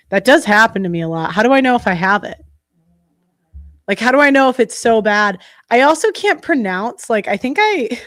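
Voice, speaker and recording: In a mid-range voice, a young female livestream host chats casually, swearing often, speaking bluntly and heatedly and repeatedly restarting her sentences. Clean studio audio, no room sound.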